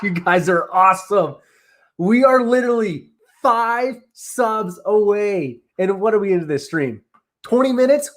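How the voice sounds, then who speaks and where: A man hosting a casual live stream, talking in an excitable, rambling way full of "like". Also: sits high. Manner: excitable, rambling, heavy use of "like". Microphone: streaming setup on camera.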